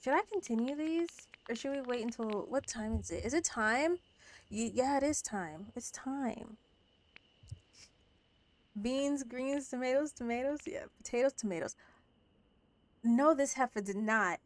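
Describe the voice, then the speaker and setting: A woman's voice: on the high side, measured pace, pauses often. A woman livestreaming a game, chatting casually and profanely with her viewers, muttering to herself and then playfully scolding chat. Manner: muttering to herself between outbursts.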